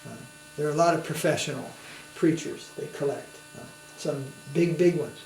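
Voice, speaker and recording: In a roomy recording with a faint hum, a swami delivers a spiritual lecture conversationally, sharing anecdotes, using tag questions and inviting listeners to follow along. His voice is fairly high and a little mellow, at a moderate pace.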